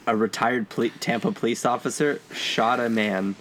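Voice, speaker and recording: A man in a casual podcast chat, relaxed and dropping short reactions. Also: medium pitch, moderate pace, a little hiss or hum. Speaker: podcast co-host.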